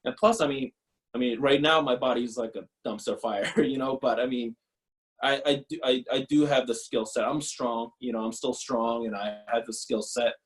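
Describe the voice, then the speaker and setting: A man in his thirties, a former pro pitcher, talking bluntly and profanely in a casual interview, often laughing. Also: steady tone, moderate pace, rough recording.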